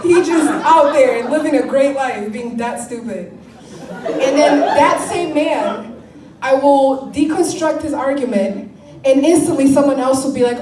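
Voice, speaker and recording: A woman performing a stand-up comedy set, animated and laughing often, swearing and mocking what people say. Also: high voice, a little slow, echoey room, distant mic, crowd noise, low-quality recording.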